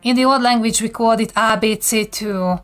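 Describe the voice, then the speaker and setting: A woman's voice: on the high side, fairly quick, fairly bright tone, faint music behind. A woman with a Hungarian accent, casually chatting on a live stream as she teaches viewers basic words and often giggles. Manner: giggly, reads and answers chat. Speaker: livestreamer teaching language basics.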